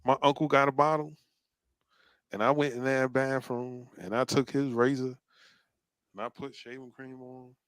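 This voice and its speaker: A man with a smooth, resonant voice recalls a childhood story in an easygoing chat. He speaks in relaxed, halting phrases full of fillers, and the recording is close and dry. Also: medium pitch, no echo.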